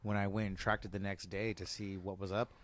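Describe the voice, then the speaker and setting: A man on a casual podcast who throws in dark, sarcastic jokes. His voice sits somewhat low. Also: little pitch movement, brisk, slight background noise. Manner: joking, darkly sarcastic interjections. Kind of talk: casual chat.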